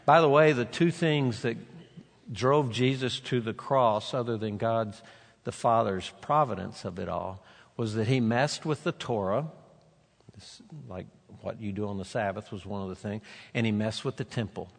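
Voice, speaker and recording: A man preaching a sermon, retelling a scripture story with animated voices for the characters. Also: fairly low pitch, moderate pace, vocal fry. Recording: long reverb of a large hall.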